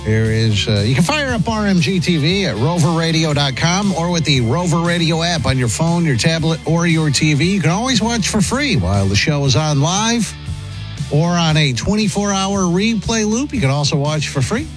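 Over music in a studio, a morning radio host chats casually, animatedly performing the lines of players in a video. His pitch is fairly high and his pace moderate.

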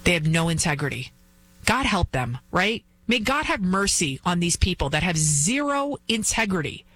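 A woman's voice: lowish voice, big pitch swings, normal speed, fairly bright tone, dry recording. Fervent woman hosting a talk show. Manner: fervent, fires off repeated rhetorical questions; acts out quoted voices while retelling. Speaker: fill-in talk show host. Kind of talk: opinion talk show monologue.

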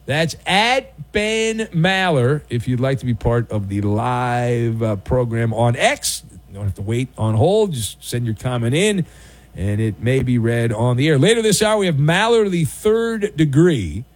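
A middle-aged man hosting a late-night sports talk radio show, riffing sarcastically with jokey, drawn-out emphasis. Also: medium pitch, expressive, a little mellow.

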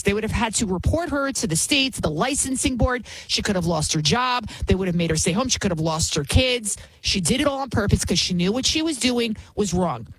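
A woman talk show host delivers opinionated commentary with a husky, slightly breathy voice. She speaks emphatically and indignantly and hammers her points through repetition. Her voice sounds dry and close, with no room around it. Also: mid-range voice, no echo, poor audio.

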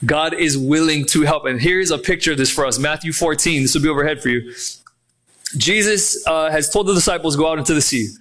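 A man preaching a sermon as pastor, animated and acting out quoted voices. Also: a little high, fairly quick.

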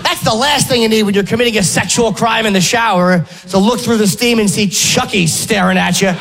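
Male stand-up comic, very high gravelly voice, blunt and sarcastic, noisy recording. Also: fairly quick. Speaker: stand-up comedian. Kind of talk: stand-up routine.

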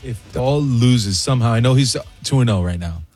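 A man's voice: medium pitch, expressive, moderate pace, darkish tone, husky, faint music behind. A man who is a regular on a radio talk show, chatting casually and arguing his points playfully. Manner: argumentative, playful.

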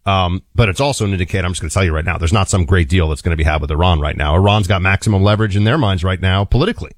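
A man co-hosting a talk radio show, chatting casually and joking, sometimes mock shouting. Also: deep voice, racing, no room sound. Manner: animated, jokey, mock shouting. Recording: dry studio sound.

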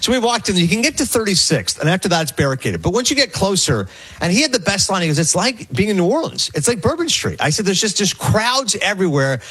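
High husky guy rattling off a game night story on sports radio, quick and animated. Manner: animated, rambling anecdotes with acted quotes. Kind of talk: casual storytelling chat.

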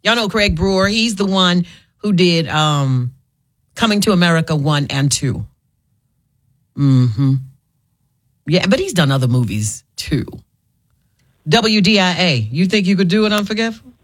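A woman's voice: on the low side, expressive, unhurried, pauses often. A woman hosting a radio call-in, playful and laughing often as she coaches callers through a game. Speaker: radio host. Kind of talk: casual call-in chat.

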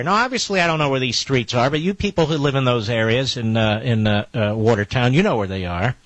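A man's voice: medium pitch, fairly quick, few pauses, fairly bright tone, no echo, low-quality recording. A man hosting live talk radio, relaying a police scanner with emphatic, indignant commentary and repeated phrases.

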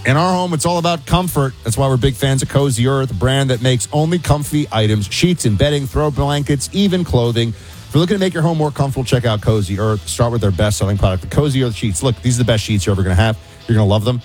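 Male talk radio co-host, quick joker, also reads sponsor spots. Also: mid-range voice, darkish tone, faint music behind. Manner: wisecracking, teasing.

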